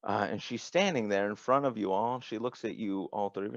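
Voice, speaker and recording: A man narrating as game master for a tabletop game, slow and halting with many restarts. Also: lowish voice, creaky, no room sound. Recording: dry, dull lo-fi sound.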